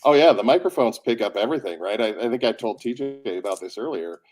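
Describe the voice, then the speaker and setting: A man's voice: medium pitch, fast. A man working as an audiobook narrator who has a cold, telling stories in a casual chat and acting out the quoted lines. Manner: animated storyteller who acts out quotes.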